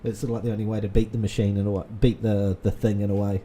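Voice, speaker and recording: A man's voice: fairly low pitch, level tone, fast talker, warm tone, a little hiss or hum. A man, rambling in casual gaming commentary full of fillers and restarts. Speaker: gaming channel host. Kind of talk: casual let's-play commentary.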